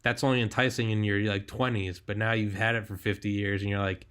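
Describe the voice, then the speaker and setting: Male podcast host, lowish voice, loose and profane, fills with "like". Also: fairly quick, hardly any pauses. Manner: animated, profane, heavy use of "like". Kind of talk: casual podcast chat.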